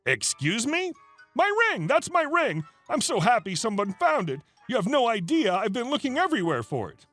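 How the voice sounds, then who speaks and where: A man voicing a brazen, pushy woman customer who lies, in a high, excited, demanding tone. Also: moderate pace, hardly any pauses, soft background music, exaggerated voice. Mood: gushing.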